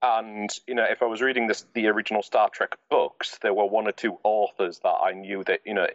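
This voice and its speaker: A man's voice: lowish voice, level tone, brisk, fairly bright tone, no room sound. Rambling man, dull dry audio. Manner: rambling, many "you know" fillers. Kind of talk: casual chat.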